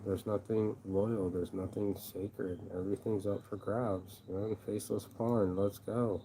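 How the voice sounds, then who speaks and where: A man with a low, mellow voice vents in a loose, aggrieved monologue for his vlog. He swears often, repeats himself and restarts his sentences. The tone stays dark and unpolished throughout. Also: level tone, measured pace, hardly any pauses, a little hiss or hum, rough recording. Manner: profane, rambling, aggrieved. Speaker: vlogger and shirt designer. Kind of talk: casual venting monologue.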